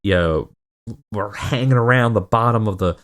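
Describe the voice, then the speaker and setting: A man's voice: on the high side, wildly swooping pitch, takes it slowly, voice pushed up, heavily acted. A man voicing an angry wrestler confronting his brother. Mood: accusing. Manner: exasperated, accusing.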